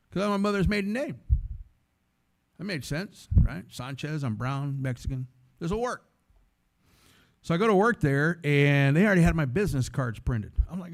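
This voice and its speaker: A man from San Antonio with a fairly high voice gives a guest sermon as a string of stories. He talks in an animated, chatty way and slips into the voices of the people he describes. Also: normal speed, long pauses. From San Antonio, Texas. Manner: animated, conversational storytelling that acts out the voices in it. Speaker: guest speaker, former radio host. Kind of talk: storytelling sermon talk.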